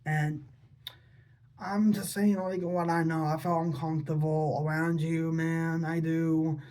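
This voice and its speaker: A man's voice: fairly high pitch, level tone, measured pace, a little mellow. A man vlogging an unscripted, rambling monologue to his father, repeating himself and asking pleading questions. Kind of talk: unscripted personal vlog monologue.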